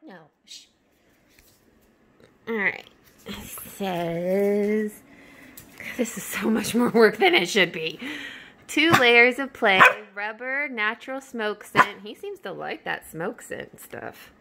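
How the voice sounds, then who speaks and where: A young woman unboxing dog toys at home, laughing and scolding her excited dog as she reads the labels aloud. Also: medium pitch, takes it slowly, noisy background. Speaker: vlogger unboxing a dog toy box. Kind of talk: casual unboxing chat.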